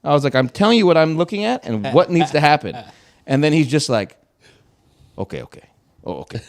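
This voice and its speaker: Animated young man telling a work story. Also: fairly high pitch, a little fast. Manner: animated, swearing, acts out quotes. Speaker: podcast host. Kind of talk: casual storytelling chat.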